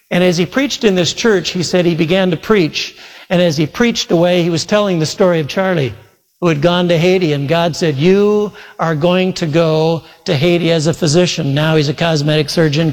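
A male preacher earnestly retelling a story in a sermon, quoting voices as he goes. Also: high-pitched. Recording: long reverb from a large hall.

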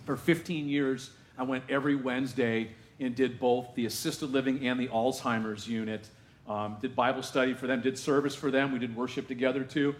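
A man preaching a sermon as pastor in a church, conversational and animated, firing off rhetorical questions to the congregation. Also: medium pitch, brisk, echoey room. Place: church sanctuary.

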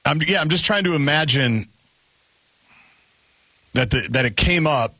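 A man's voice: fairly high pitch, lively intonation, a little slow, pushed and bright, no echo. A man co-hosting a talk radio show, chiming in with wry, dry remarks. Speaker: radio co-host.

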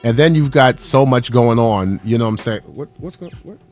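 A man hosting a radio show in a studio, playful and hyped, talking in quick bursts with restarts. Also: medium pitch, expressive, darkish tone, soft background music. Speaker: radio host. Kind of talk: morning radio banter. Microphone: studio mic.

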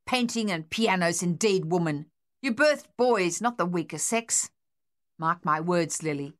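A woman voicing a harsh, furious, domineering older husband who shouts and blusters, in an audiobook. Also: high voice, moderate pace.

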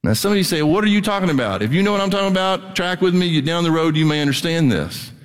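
Delivering a sermon to his congregation, a middle-aged pastor talks in a conversational, bluntly emphatic way. He speaks fast in a slightly high, expressive voice, and a long hall reverb fills the church hall recording.

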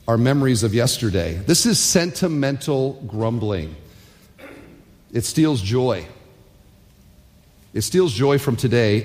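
A male pastor preaching a sermon in an animated way, asking rhetorical questions and acting out quotes. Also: mid-range voice, big-room sound.

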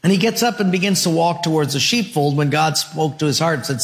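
A man's voice: a little high, brisk, few pauses. A male pastor preaching a sermon, telling a story and acting out its dialogue.

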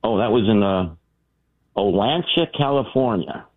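A man calling a radio show, telling stories in an animated way, stammering and repeating words. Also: on the low side, unhurried. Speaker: caller. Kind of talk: anecdotal storytelling on a call-in show. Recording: tinny phone line.

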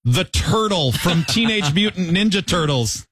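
A man's voice: sits high, animated, measured pace, fairly bright tone, breathy edge, dry recording. A man hosting an impressions game, calling out prompts in a playful, laughing comedy banter. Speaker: host running an impressions game.

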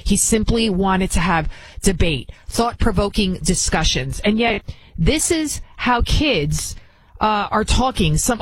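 A woman's voice: medium pitch, slightly rough, rough recording. A woman hosting an opinion commentary show, indignant and prone to repeating words when heated.

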